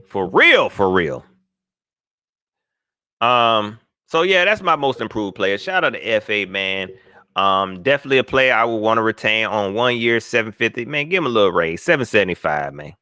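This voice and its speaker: Animated, bright-voiced man hosting sports talk. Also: medium pitch, moderate pace, no room sound, studio quality. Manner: animated, slangy, jokey, reads viewer comments aloud. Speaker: sports podcast host. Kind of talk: live call-in sports talk.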